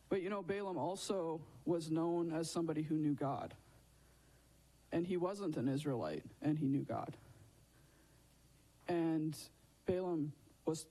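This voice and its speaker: A man with a fairly high voice gives a children's Bible lesson. He talks in a chatty, informal way and keeps turning to his listeners with questions. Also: mellow, low-quality recording.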